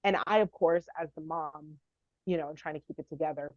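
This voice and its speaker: A woman guest on a podcast interview, telling a personal family story in an earnest, heartfelt, halting way. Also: low-pitched, a little mellow, dry recording, muffled recording.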